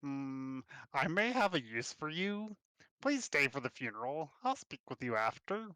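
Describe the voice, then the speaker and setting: Calm half-orc mayor voiced by a man, measured and dry, tabletop game. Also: mid-range voice, clean tone, no echo.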